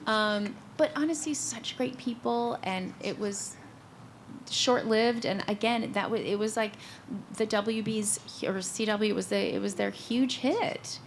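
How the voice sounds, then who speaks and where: A woman's voice: on the high side, unhurried, a little hiss or hum. A middle-aged woman from Georgia, chatting on a convention panel in an enthusiastic, self-deprecating way. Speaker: guest actor on a convention panel. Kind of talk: casual panel chat.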